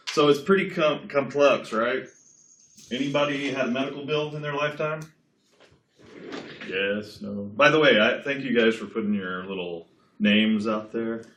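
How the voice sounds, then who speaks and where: A man's voice: mid-range voice, a little slow, a bit bright, slight background noise. A man giving a casual classroom lecture, chatty and digressive, often checking in with his students. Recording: echoey classroom.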